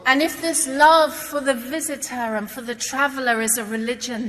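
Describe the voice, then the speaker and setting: A woman's voice: high voice, steady tone, moderate pace, fairly bright tone, big-room sound. A woman giving an emotional religious talk, telling a personal story in an earnest, heartfelt way.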